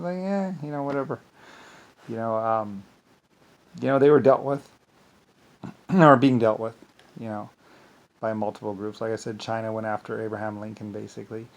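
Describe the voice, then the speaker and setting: An angry man talking in a rambling monologue, repeating himself, restarting often and swinging between loud bursts and mutters. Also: lowish voice, vocal fry. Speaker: vlogger.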